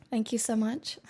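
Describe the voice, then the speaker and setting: Woman streamer just chatting, kinda high voice, laid back, giggles a lot. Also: warm tone. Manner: playful, giggly, teasing. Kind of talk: casual chat.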